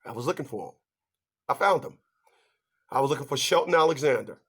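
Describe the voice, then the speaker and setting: A man giving relationship advice in an animated monologue, emphatic and stammering as he talks straight to his audience. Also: medium pitch, fairly quick, breathy edge. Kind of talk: animated ranting monologue to viewers.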